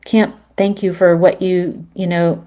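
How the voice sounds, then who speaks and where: A woman's voice: lowish voice, level tone, a little slow, mellow, natural voice. A woman acting out a caring husband who gushes with thanks and offers help. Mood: grateful. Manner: effusive, gushing with thanks. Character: supportive husband and father, caring.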